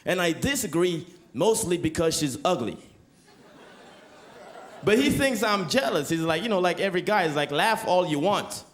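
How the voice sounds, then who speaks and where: Man, young adult, from Canada, stand-up comedian, deadpan setups, high voice. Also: moderate pace, pauses often.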